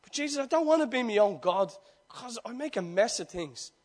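A man in his forties delivers an impassioned sermon in a strikingly high voice. He swings from loud, urgent appeals down to near-whispered confessions, often driving a point home with repetition. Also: expressive, fairly quick. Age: 40s. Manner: repetitive rhetorical preaching. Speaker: preacher.

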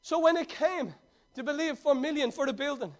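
Male preacher with a high voice, delivers a sermon that shifts from excited storytelling to a hushed, pressing call. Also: a little fast. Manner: swings from excited, laughing storytelling to hushed, urgent exhortation.

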